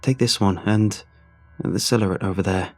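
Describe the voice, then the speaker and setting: A man voicing a well-spoken young new worker asking curious, hushed questions. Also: lowish voice, steady tone, normal speed, faint music behind, natural voice.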